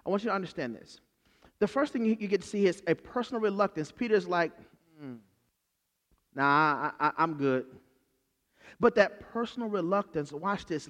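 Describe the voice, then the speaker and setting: A man preaching a sermon, retelling a story with lively, conversational energy and acting out the characters' lines. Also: high voice. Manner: animated storytelling, acts out the characters. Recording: long hall reverb.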